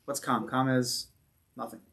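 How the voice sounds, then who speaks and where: A rabbi teaching a conversational Torah class, animated, acting out stories and asking rhetorical questions. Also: male voice, medium pitch, unhurried, vocal fry.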